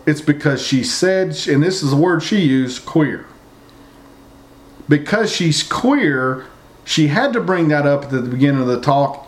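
Indignant ranting man, slightly high voice. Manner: indignant, repetitive, rambling. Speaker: vlogger. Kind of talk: opinion rant to viewers.

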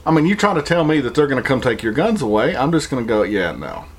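A man's voice: fairly high pitch, very animated, quick pace. A man with a Southern American accent, delivering an opinion monologue full of rhetorical questions and mocking imitations.

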